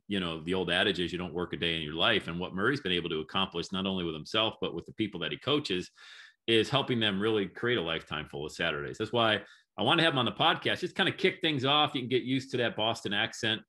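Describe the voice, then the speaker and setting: A man's voice: lowish voice, quick pace, bright, forceful tone. A man hosting a podcast interview, talking in an upbeat, chatty and encouraging way. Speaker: podcast host.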